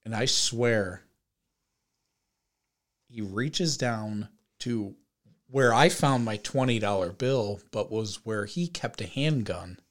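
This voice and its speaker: Young guy on a podcast, cussing a lot, animated storytelling. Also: lowish voice, takes it slowly, long pauses. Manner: animated, profane storytelling with shouted quoted voices. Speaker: podcast host. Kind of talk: casual storytelling chat.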